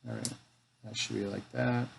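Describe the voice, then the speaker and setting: A man's voice: fairly low pitch, little pitch movement, moderate pace, creaky, breathy edge. Joking middle-aged man chatting mid-build. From Canada. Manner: joking, talks to himself as he works. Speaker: live-stream host building a toy kit. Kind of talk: casual chat while building.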